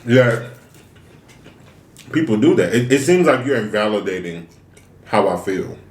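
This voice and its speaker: A man's voice: lowish voice, expressive, measured pace, a little mellow, echoey room. A man chatting casually to viewers while eating, venting and asking rhetorical questions. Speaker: mukbang vlogger. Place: room, eating on camera.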